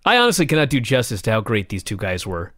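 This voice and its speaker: In clean, echo-free studio sound, a fairly low-voiced man talks quickly while co-hosting a casual wrestling review podcast. His storytelling is impassioned and animated, laced with lots of profanity.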